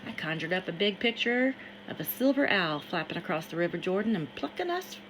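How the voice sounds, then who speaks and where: A woman narrating a novel in first person, steady and measured. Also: lowish voice, slight background noise, low-quality recording. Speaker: audiobook reader.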